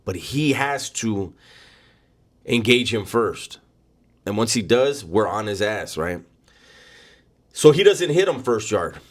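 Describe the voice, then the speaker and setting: A man's voice: fairly low pitch, big pitch swings, slow, long pauses. A man telling a first-person story in a casual, blunt way, full of street slang and cursing.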